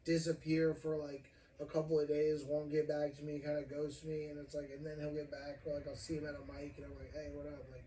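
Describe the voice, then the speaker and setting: A man's voice: a little high, completely flat delivery, brisk, hardly any pauses, warm tone. A young man hosting a casual podcast, rambling and swearing, laughing often as he tells a story. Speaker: podcast host. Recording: roomy, distant mic, faint noise.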